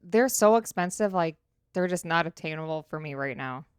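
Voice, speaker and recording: A woman co-hosting a podcast, chatting casually and relaxed with lots of "like". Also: low-pitched, moderate pace, smooth, no room sound, studio quality. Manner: chatty, relaxed back-and-forth with frequent "like". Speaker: podcast co-host. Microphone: studio dynamic mic.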